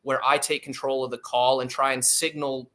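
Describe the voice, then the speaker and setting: A man's voice: mid-range voice, level tone, normal speed, bright, forceful tone. A man who trains salespeople, explaining his approach in an interview and acting out phone lines with emphasis.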